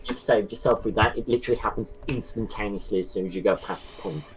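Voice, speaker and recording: A man's voice: on the low side, fast talker, music in the background, low-quality recording. A man from the running a tabletop game as game master, describing scenes and rulings step by step over an online call. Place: home, online session.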